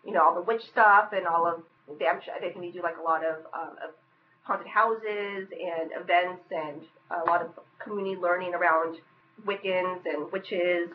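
A young woman from Western Massachusetts, a podcast guest chatting casually and quickly. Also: on the low side, steady tone, phone-quality sound, slight background noise.

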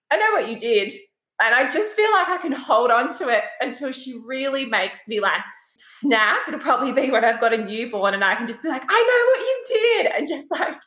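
Pregnant aussie woman chatting, animated, swears a bit, echoey room. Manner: animated, swears, acts out quoted voices with big pitch jumps. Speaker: guest telling a personal story. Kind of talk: casual storytelling. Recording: roomy echo.

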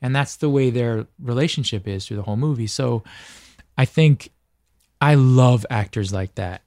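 A man's voice: mid-range voice, normal speed, darkish tone, no room sound. A man talks as a podcast guest, earnest and reflective, circling back and restarting his thoughts as he goes. His voice sits in an ordinary middle register. It is recorded close and dry on a studio microphone. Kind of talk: casual conversation.

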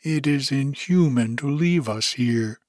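A man's voice: mid-range voice, a little slow, dry recording, studio quality, natural voice. A man voicing a pleading storybook pheasant. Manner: pleading and earnest. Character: earnest pheasant companion, pleading.

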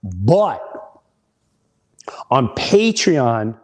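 A man's voice: mid-range voice, very animated, extremely slow. A middle-aged man, a comedian hosting a podcast, telling a story in a casual, rambling way with frequent restarts.

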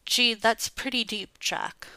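A woman's voice: a little high, slow, pushed and bright, smooth, no echo, exaggerated voice. A woman voicing a cheerful, naive male sidekick with folksy gee-whiz talk, in a storybook reading. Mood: cheery.

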